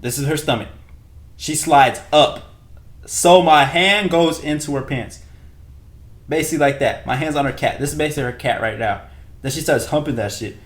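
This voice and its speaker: Young man rambling through a story. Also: moderate pace. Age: young adult. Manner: rambling, repeats phrases, slangy; drops to a hushed low voice for spicy parts. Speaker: streamer. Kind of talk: casual storytelling.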